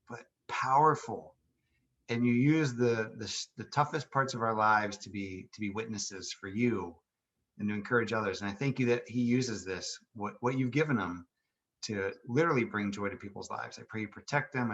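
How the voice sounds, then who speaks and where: A podcast host leading a spoken prayer in an earnest, heartfelt manner. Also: male voice, lowish voice, fairly bright tone, muffled recording.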